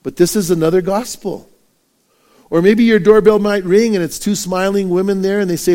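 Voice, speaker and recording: Male pastor, animated sermon delivery, slightly high voice, acts out stories. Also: moderate pace. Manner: animated preaching with rhetorical questions and acted-out anecdotes.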